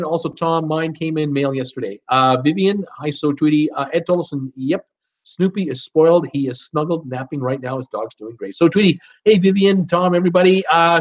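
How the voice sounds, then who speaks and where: This streamer goes through viewers' names and comments in a casual, chatty way, laughing easily and fumbling some of the names. His voice is a little high, and the sound is lo-fi.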